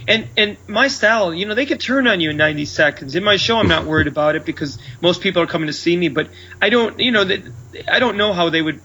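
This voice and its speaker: Loud, brash high-voiced man. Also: animated, quick pace, husky, highs cut off. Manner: loud, brash storyteller who acts out his own lines. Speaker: comedian and show headliner. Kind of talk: casual chat.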